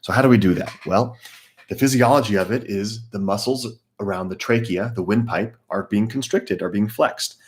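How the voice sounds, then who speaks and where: A man teaching a live guided meditation class, calmly explaining breathing techniques and greeting viewers by name. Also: on the low side, normal speed.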